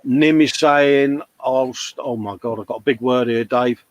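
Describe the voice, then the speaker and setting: A man's voice: medium pitch, unhurried, dry recording, poor audio. Chatty man reading comments. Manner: chatty, calls everyone mate. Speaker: livestream co-host. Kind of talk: casual chat reading viewer comments.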